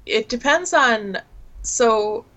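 A woman's voice: on the high side, lively intonation, extremely slow, a bit bright. Chatty woman with a mild Minnesotan accent. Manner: chatty, self-deprecating, laughs between thoughts. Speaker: podcast guest. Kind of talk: casual podcast interview.

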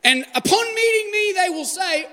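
Animated Australian pastor preaching in a hall. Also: male voice, very high-pitched, normal speed. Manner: animated, joking, asks the room questions. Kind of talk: sermon. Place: church hall. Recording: live church hall reverb.

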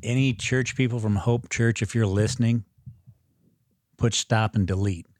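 A man's voice: lowish voice, fairly even intonation, measured pace, a little mellow, dry recording. A man guests on a podcast, joking and laughing as he talks. His voice sits in the middle range and sounds dry and close. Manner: laughs a lot, jokey. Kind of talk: casual comedic chat.

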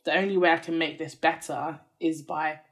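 A woman's voice: sits low, steady tone, moderate pace. A woman in her twenties, a podcast guest candidly telling a personal story in a chatty, earnest way, full of "like" fillers.

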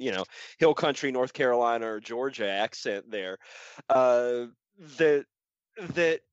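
A man's voice: medium pitch, no echo, muffled recording. A man co-hosting a casual podcast, rambling and restarting his sentences, now and then laughing mid-thought. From American South. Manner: rambling, self-interrupting, laughs while talking. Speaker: podcast co-host.

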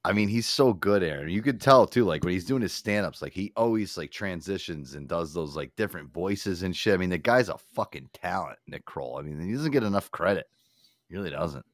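A man's voice: low voice, lively intonation, fairly quick, dry recording, studio quality. A man hosting a podcast in loose, profane, enthusiastic casual chat. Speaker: podcast host.

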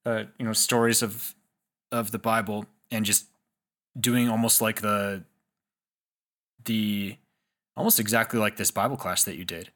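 A man with a fairly low voice, chatting as a podcast co-host. He is easygoing and loose, with plenty of fillers and light laughs. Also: steady tone, a little slow, pauses often, a bit bright. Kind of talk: casual chat.

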